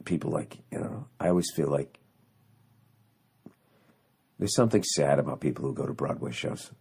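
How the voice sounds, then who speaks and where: A man's voice: extremely low pitch, expressive, moderate pace, creaky, a little mellow, breathy edge. A man hosting a podcast, delivering a profane, sarcastic comedic rant that rambles through restarts and asides. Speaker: podcast host.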